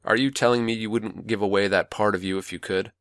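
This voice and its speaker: A man playing a manipulative older male mentor, calm, patronizing and coaxing, in a dry close recording. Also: on the low side, fast talker, clear, resonant tone, dry recording, natural voice.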